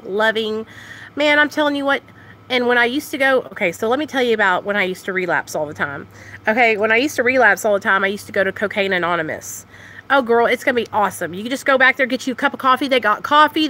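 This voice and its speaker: A young woman chatting loudly and excitedly on a live stream about her recovery, talking straight to her viewers. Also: a little high. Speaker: recovery vlogger. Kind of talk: casual live-stream chat.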